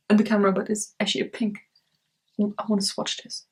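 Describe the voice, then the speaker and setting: At home, a beauty vlogger unboxes products into a camera mic, gushing and gasping with breathy exclamations at each find. Her mid-range voice stays fairly flat in pitch and runs a little fast.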